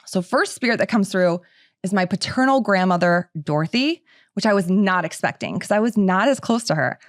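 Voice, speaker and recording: A woman's voice: medium pitch, normal speed, no echo, studio quality. A middle-aged woman hosting a podcast, talking in a chatty, casual way with lots of filler words. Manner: chatty, filler-heavy with frequent "like". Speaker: podcast host.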